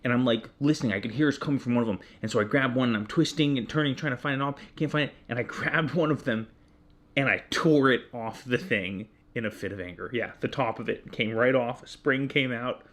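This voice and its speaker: A mid-range voice, a little fast: a podcast co-host in his thirties relates a story about himself in easygoing conversation. He's honest and quick to laugh at himself, and he gets lively reenacting the time he yelled.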